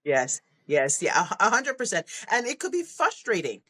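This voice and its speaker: Woman guest on a podcast, lively storyteller, laughs a lot, does little voices for the kids. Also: mid-range voice, normal speed, breathy edge. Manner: animated storytelling, acts out kids' voices, laughs often. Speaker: podcast guest, leadership coach. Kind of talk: conversational interview.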